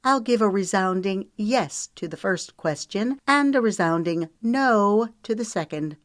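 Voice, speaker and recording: A woman voicing a warm young woman in a romance audiobook, bright and laughing as she protests. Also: medium pitch, lively intonation, a little slow, no room sound, clean studio sound, pitched above the performer's own voice, close to an everyday voice.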